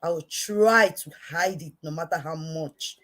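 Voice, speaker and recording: Low-voiced Nigerian woman ranting. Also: measured pace. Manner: repetitive, emphatic, swinging from quiet to shouting. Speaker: online commentator. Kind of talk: impassioned direct-to-camera rant.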